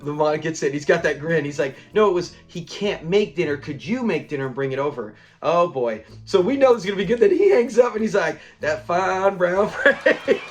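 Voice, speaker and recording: Male reviewer, casual recap, acts out quotes; mid-high voice with soft music under. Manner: rambling retelling, acts out lines and laughs. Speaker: show reviewer.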